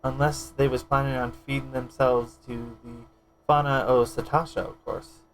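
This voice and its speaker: A man voicing a gruff, folksy male guildmaster, reading quest lines aloud in an old-fashioned dialect full of ye and lass. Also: medium pitch, little pitch movement, soft background music, close to an everyday voice, poor audio. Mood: hearty. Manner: reading quest text aloud, a bit halting.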